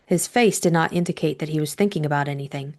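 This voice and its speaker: Woman narrating an audiobook, low-pitched. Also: fast.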